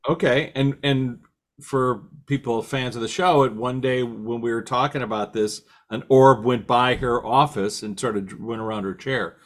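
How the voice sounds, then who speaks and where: A man's voice: mid-range voice, moderate pace. A man hosting a casual interview, asking long questions and restating his guest's ideas. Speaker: host.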